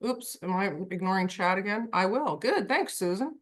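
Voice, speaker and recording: Speaking at medium pitch and a moderate pace, she coaches horse owners over a group video call. Her stories are lively, and she performs the different voices as she tells them.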